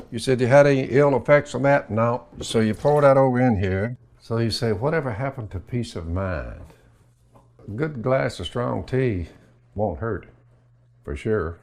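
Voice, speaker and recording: A man's voice: on the low side, expressive, moderate pace, a little mellow. An older man with a Southern US accent giving a folksy sermon, drawling and acting out both sides of an imagined talk. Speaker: preacher.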